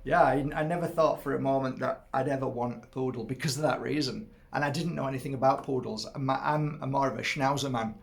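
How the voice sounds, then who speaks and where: A man's voice: mid-range voice, steady tone, brisk, gravelly, few pauses. A middle-aged man chatting casually to camera as host, rambling, laughing often and breaking off to fuss over his dog.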